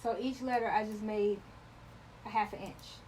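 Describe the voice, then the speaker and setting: A talkative woman hosts an embroidery livestream, demonstrating her stitching while chatting with viewers and greeting them by name. Her mid-range voice is steady, moderately paced and a little mellow. The recording is rough, with slight background noise.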